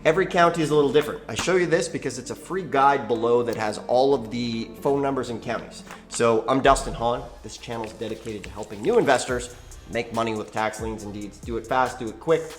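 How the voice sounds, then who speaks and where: A man hosting his own channel, teaching investing to camera in an animated, folksy storytelling way. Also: mid-range voice. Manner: animated, folksy, acts out quoted dialogue. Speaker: channel host, real estate investing educator.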